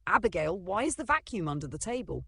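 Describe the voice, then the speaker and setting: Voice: mid-range voice, very animated, quick pace, creaky, pushed and bright, slightly rough, no room sound, voice pushed up, full character voice. A narrator doing a jovial, oblivious uncle.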